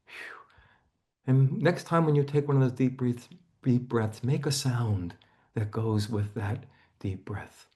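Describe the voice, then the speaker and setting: A man teaching a seminar, gently guiding a volunteer through a body-focused therapy exercise over a video call, often dropping to a hush. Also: mid-range voice, measured pace.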